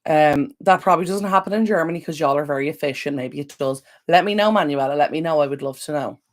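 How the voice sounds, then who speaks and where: An Irish woman with a notably deep, low voice talks casually on a live stream. She rambles, fills pauses and warmly answers her viewers' comments. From Ireland. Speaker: decluttering channel host.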